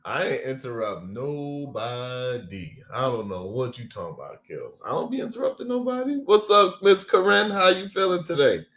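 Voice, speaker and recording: A man's voice: medium pitch, expressive, a little slow, a bit bright, echoey room. A man hosting a live stream, chatting casually, greeting viewers by name and laughing often.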